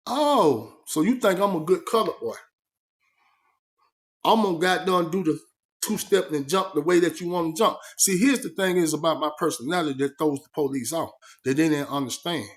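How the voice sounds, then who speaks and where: Guy telling a story, kinda high voice for a man, acts out every line and throws in sound effects, lots of "you know what i mean". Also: moderate pace. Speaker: vlogger recounting his prison life. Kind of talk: animated storytelling.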